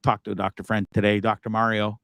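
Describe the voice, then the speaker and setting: A man's voice: on the low side, level tone, quick pace, a bit bright, dry recording. A man hosting a live show, talking casually with a profane, rambling manner. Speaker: host.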